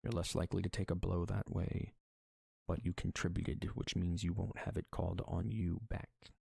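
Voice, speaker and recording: A man's voice: sits low, little pitch movement, moderate pace, creaky, darkish tone, slightly rough, no room sound, clean studio sound. A man narrating as game master, talking loosely with many fillers and restarts.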